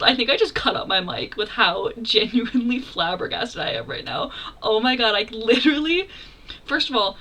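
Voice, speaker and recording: A young woman hosting a reaction video, talking casually and exclaiming excitedly as she comments. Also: a little high, moderate pace.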